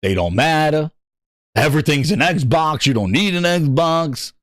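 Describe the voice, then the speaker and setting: A man hosting a gaming podcast, talking loudly and animatedly, teasing and incredulous. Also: fairly high pitch, lively intonation, a little slow, dry recording, clean studio sound. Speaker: podcast host. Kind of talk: excited casual gaming talk.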